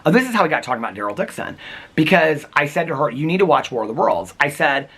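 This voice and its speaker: A man vlogging on his front porch, telling a rambling story in a chatty, casual way with quick asides. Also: on the high side, very animated, fairly bright tone, slightly rough.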